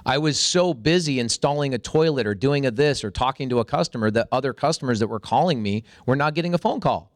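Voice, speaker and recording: A man in his forties, a podcast guest, telling a story with animated energy and a voice that jumps up when excited. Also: mid-range voice, quick pace, few pauses, no echo, clean studio sound.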